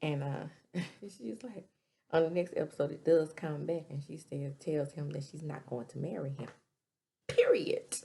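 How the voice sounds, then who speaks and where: Brief: woman TV reviewer, low and gravelly, chatty recap with quick asides. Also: warm tone. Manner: chatty, retells scenes with quick asides and laughs. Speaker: TV episode reviewer. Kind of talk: casual recap commentary.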